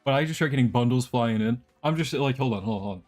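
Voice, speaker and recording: A young man streams a game live, rambling and joking as he chats to his viewers while he plays. His voice is medium-pitched, fast and darkish, with faint music in the background.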